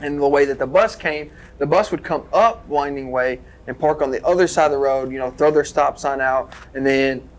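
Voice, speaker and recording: A young man from Tennessee, a former wrestler, telling a story as a podcast guest in an animated, lively way with sound effects. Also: medium pitch, normal speed, hardly any pauses. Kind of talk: casual storytelling.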